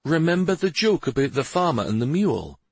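A man voicing a stern, commanding adult prince who speaks in measured, imperious tones, in a storybook reading. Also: on the high side, big pitch swings, a little mellow, slightly rough, no room sound, voice pushed up, full character voice. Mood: fatherly.

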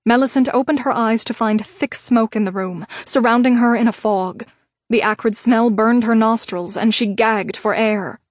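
A woman reading an audiobook in steady, measured scripted narration on a close mic. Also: on the high side, no echo.

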